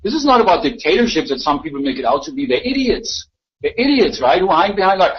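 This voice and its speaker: A man's voice: high voice, sing-song, fast. A man ranting argumentatively in a live voice chat room, repeating himself and mocking others. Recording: dull lo-fi voice chat audio.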